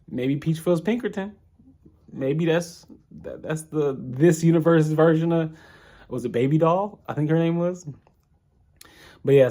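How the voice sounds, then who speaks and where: A man's voice: mid-range voice, mellow. A young man casually recapping an audio drama episode, rambling and thinking aloud with many restarts. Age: young adult. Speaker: podcast reviewer.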